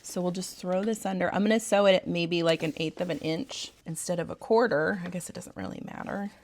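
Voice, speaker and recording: A woman's voice: on the low side, a little fast, a little mellow, slight background noise. A woman in her thirties with a Southern US accent, hosting a casual sewing tutorial from her home sewing room, chatty and rambling with frequent laughs. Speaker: sewing channel host. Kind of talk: casual sew-along tutorial.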